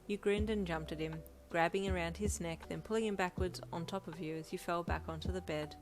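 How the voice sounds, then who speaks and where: A woman reads a fanfiction story aloud in a steady storytelling manner. Her voice sits somewhat low for a woman. Soft lo-fi music plays faintly behind her. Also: brisk. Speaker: narrator. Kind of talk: fanfiction audiobook reading.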